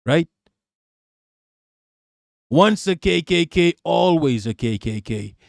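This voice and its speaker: A man's voice: fairly high pitch, lively intonation, slow pace, gravelly, no room sound, clean studio sound. A man live-streaming political commentary, ranting emphatically and repeating himself, with constant swearing. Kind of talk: profane reaction rant.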